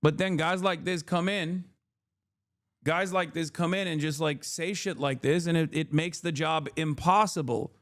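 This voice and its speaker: A fired-up man in his thirties riffs on a news clip, pressing his points hard and tossing in "okay?" to drive them home. His voice sits a little high for a man. The sound is dry and close, with no room around it. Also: a little slow, fairly bright tone, no echo. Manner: emphatic, calls listener "brother", frequent restarts and "okay?". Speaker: streamer reacting to news clips. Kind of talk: casual heated commentary.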